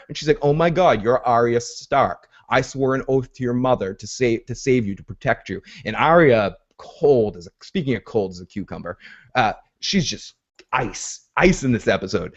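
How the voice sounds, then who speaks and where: A man's voice: mid-range voice, normal speed. A man hosting a casual TV recap podcast who retells scenes by acting out the characters' lines. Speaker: podcast host. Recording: dull lo-fi podcast audio.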